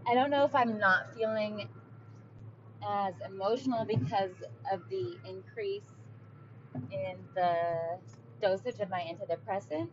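A woman's voice: medium pitch, unhurried, background noise. Chatty woman vlogging on dull lo-fi audio. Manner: chatty, many fillers and "like". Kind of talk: casual confessional storytelling.

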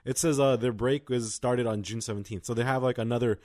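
A man's voice: medium pitch, fairly even intonation, a little fast, darkish tone, no room sound, clean studio sound. A young man co-hosting a podcast, chatting casually with lots of fillers. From Los Angeles County. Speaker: podcast co-host. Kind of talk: casual chat.

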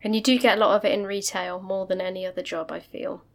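Young woman, casual podcast chat, mid-pitched voice, lively storytelling, quick laughs. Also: vocal fry. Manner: chatty, animated storytelling with frequent laughs. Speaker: podcast co-host.

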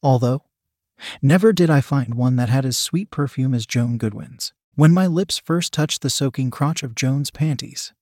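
A man narrating a first-person story with a steady, even reading manner. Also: medium pitch, normal speed, no echo, studio quality.

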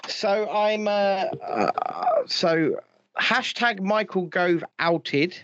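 A man's voice: high-pitched, very slow, a bit bright, highs cut off, slight background noise. A man hosting a casual podcast, rambling and swearing with a laugh, wearing headphones at the mic. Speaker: podcast host. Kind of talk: casual chat. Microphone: headphones, studio mic.

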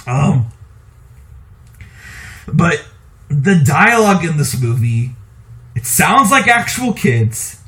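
A man co-hosting a podcast, talking casually about movies in an animated, opinionated way and laughing often. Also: a little high, slow, long pauses. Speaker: podcast co-host.

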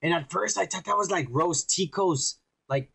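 A man riffing on a podcast in a loose, profane way, his voice a touch higher than most men's. He's animated and acts out the scenes he describes. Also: moderate pace, gravelly, slightly rough. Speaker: podcast co-host. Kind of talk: casual profane chat.

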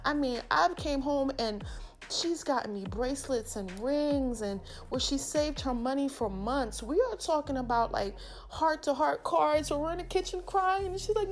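A woman, hosting a podcast and giving casual, affectionate shout-outs in a chatty, slangy way. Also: sits high, normal speed. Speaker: podcast host.

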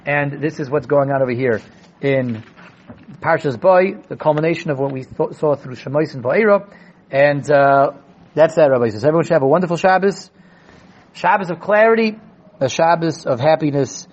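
Rabbi type, emphatic and repetitive, high husky voice, muffled lo-fi capture. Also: male voice, normal speed, a little hiss or hum. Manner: emphatic, repeats words for stress. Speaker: rabbi giving a weekly Torah talk. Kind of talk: Torah class on the weekly portion. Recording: dull lo-fi recording.

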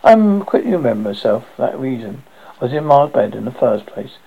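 A man's voice: medium pitch, very animated, brisk, vocal fry, breathy edge, muffled recording. A man narrating his memoir aloud in a wry, self-mocking way. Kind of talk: memoir reading.

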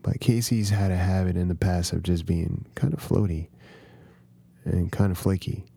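A man's voice: low-pitched, moderate pace, gravelly, warm tone, breathy edge, no room sound. A man hosting a podcast, narrating a first-person horror story in a conversational, confiding way.

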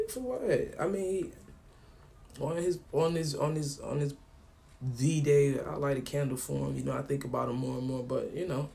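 A man's voice: a little high, expressive, a little slow, vocal fry, mellow. A man hosting his own podcast, talking casually in a loose, rambling way. He tells stories and acts out both sides of phone calls. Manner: loose and colloquial, with frequent slang. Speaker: podcast host. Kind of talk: casual monologue.

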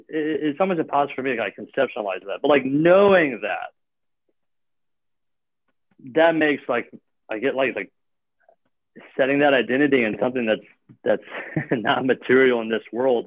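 A man's voice: mid-range voice, no room sound. A man talking casually as a guest, rambling with lots of filler words and restarts. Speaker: gym owner or coach. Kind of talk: casual chat. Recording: tinny phone-like line, dry.

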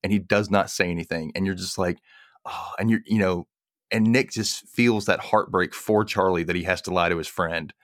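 A man co-hosting a casual podcast chat, animated and laughing often as he acts out quotes. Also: low voice, moderate pace, no echo, clean studio sound. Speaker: podcast co-host.

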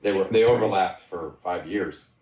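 A man in his forties talks casually as a guest, circling his point with restarts and fillers. His voice sits on the low side and carries a noticeable room echo. When he quotes himself, he leaps into high, excited voices. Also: normal speed, lo-fi sound, slight background noise. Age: 40s. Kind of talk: casual chat.

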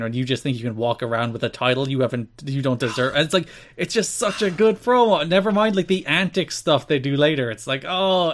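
A man in a mid-pitched voice co-hosts a casual wrestling podcast. He recaps the shows with eager, chatty energy and slips into short impressions of the wrestlers. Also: fairly bright tone. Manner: enthusiastic, retells matches with quick impressions. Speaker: podcast co-host.

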